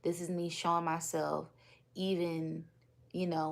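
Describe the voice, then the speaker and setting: A woman with a deep, gravelly voice leads a live-streamed spiritual energy reading. She speaks in a calm, relaxed, unhurried way, chatting easily with her viewers. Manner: calm, relaxed and unhurried, sometimes repeating words. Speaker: spiritual reader and livestream host.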